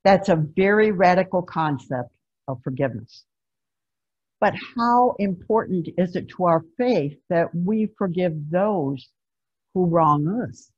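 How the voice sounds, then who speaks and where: Preaching through a video call, a woman pastor tells her sermon in an emphatic, conversational storytelling manner. Her lowish voice is expressive and slow, a little mellow with a breathy edge, heard through a dull lo-fi video-call recording.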